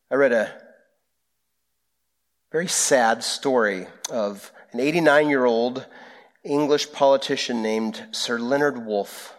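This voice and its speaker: A pastor preaching a sermon, speaking in an earnest, prayerful way with slow, deliberate phrasing. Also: male voice, mid-range voice.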